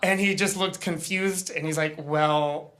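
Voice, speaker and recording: A man on a comedy stage with a bright, forward voice, telling his story in halting, self-mocking bits. He stammers and restarts, then acts out the other people in the story. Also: high voice, fairly even intonation. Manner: self-deprecating, hesitant storytelling with stammers and acted-out quotes. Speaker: stand-up comedian. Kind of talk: stand-up comedy set. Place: live comedy stage before an audience.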